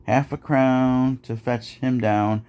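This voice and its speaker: A man's voice: mid-range voice, steady tone, slow pace, mellow, smooth. A man reading nursery rhymes aloud in a rhythmic, sing-song way, as host of a podcast.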